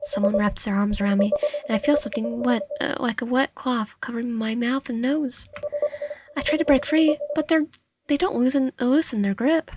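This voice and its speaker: A woman reading a visual novel aloud in first person, expressive, with stumbles and asides. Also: a little high, normal speed, a little hiss or hum. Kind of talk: dramatic game read-through with asides.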